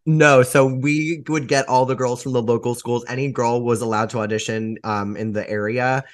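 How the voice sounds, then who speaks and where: A man guesting on a chat podcast, talking in a campy, theatrical way. His voice sits at an ordinary middle pitch while he gushes eagerly about what he loves. He drops a warm honey into his sentences like a seasoned performer. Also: fairly even intonation, normal speed. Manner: enthusiastic, gushing. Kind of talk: casual chat.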